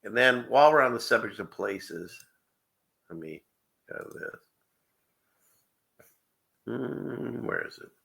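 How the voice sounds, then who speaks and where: A man's voice: mid-range voice, animated, slow, vocal fry, pauses often, a bit bright. A man hosting a casual livestream show, rambling through clips with frequent chuckles and conspiratorial asides. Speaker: show host.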